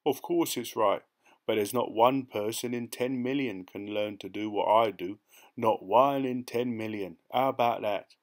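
A man's voice: lowish voice, a little slow. A man doing a cocky pickpocket. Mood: scornful boasting. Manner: boastful, cheeky, slangy. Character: cocky boastful male London pickpocket, sly. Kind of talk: audiobook character voice.

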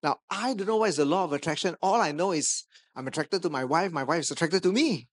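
A man with a Malaysian English accent, preaching a sermon as a pastor, telling a lively anecdote with touches of humor. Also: fairly high pitch, fast. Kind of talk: sermon storytelling. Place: church stage.

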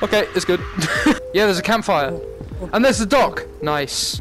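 A man's voice: sits high, expressive, unhurried, fairly bright tone, soft background music. A young man giving nervous, jumpy commentary while playing a horror game on a headset mic. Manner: jumpy, nervous, laughs and yelps. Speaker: gaming YouTuber. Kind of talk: let's-play commentary.

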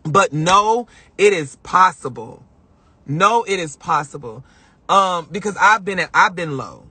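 A woman's voice: on the low side, lively intonation, a little slow, sharp tone, breathy edge, no room sound. A young woman hosting a live stream, telling a personal story in an emotional, rambling way and often repeating herself. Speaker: livestream host.

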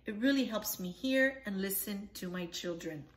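A woman voicing a contented father who is enjoying time with his children, musing softly. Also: medium pitch, normal speed, natural voice.

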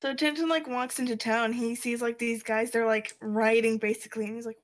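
Chatty young woman recapping a comic. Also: fairly high pitch. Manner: brisk, chatty, quotes characters with lively voices. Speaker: podcast co-host. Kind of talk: casual comic retelling.

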